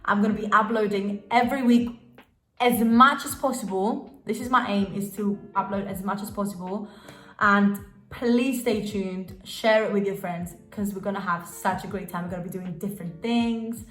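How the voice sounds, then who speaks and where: A woman's voice: mid-range voice, fairly even intonation, normal speed, a bit bright. Gushing young woman in a roomy room. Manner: gushing, emotional, lots of fillers and restarts. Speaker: dancer and vlogger. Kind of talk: casual storytelling vlog. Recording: roomy sound with faint music.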